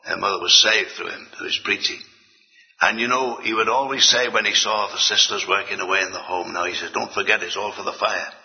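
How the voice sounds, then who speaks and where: A man preaching a sermon in an earnest way, swinging between emphatic lines and hushed asides. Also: fairly low pitch, fairly even intonation, a little fast, gravelly. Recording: dull, long-reverb hall.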